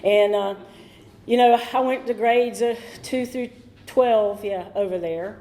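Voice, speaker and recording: A woman's voice: medium pitch, a little slow, dark tone. A middle-aged woman from North Carolina, speaking candidly and a little ramblingly at a recovery meeting. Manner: candid, rambling, emotional at times. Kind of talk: personal recovery talk. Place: meeting room.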